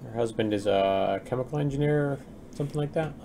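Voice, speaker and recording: Typing faintly in the background, this young adult man chats with his stream while building a game, muttering to himself and reading viewer messages aloud. He talks briskly in a dark-toned, medium-pitched voice. There's slight background noise.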